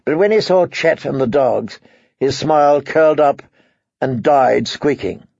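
A man narrating an audiobook in a measured storytelling manner. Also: mid-range voice, expressive, gravelly, a little mellow, no room sound, lo-fi sound. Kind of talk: scripted narration.

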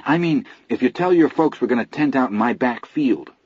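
A man voicing an excitable boy who is out of breath and bursting with news, in a dull lo-fi recording. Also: medium pitch, moderate pace, slightly rough, no echo, pitched above the performer's own voice. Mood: eager.

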